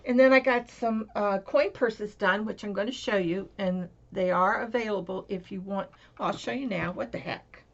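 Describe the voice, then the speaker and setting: A woman's voice: medium pitch, vocal fry. A woman, possibly older, chatting casually on her crafting vlog, rambling with lots of fillers and restarts. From Florida. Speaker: crafting vlogger. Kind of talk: casual chat. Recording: dull lo-fi home recording.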